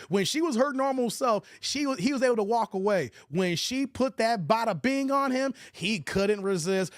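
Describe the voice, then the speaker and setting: A man with a high voice hosts a casual livestream and talks through a movie in an animated, slangy way. He is recorded dry and close on a desk mic. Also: no echo. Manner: animated, slangy, laughs often. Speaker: livestream host.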